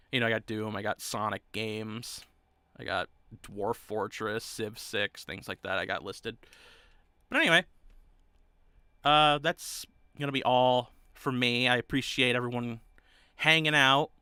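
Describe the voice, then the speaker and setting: A man's voice: medium pitch, bright, forceful tone, smooth, dry recording. A male streamer chatting casually and rambling loosely between clips. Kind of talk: casual chat.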